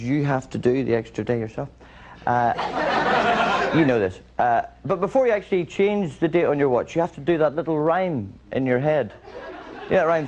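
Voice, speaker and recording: A man's voice: medium pitch, muffled recording. A man doing observational stand-up on a television studio stage, dry and rambling, acting out small everyday scenes. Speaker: stand-up comedian. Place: television studio stage before a live audience. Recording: noisy broadcast audio with loud audience laughter.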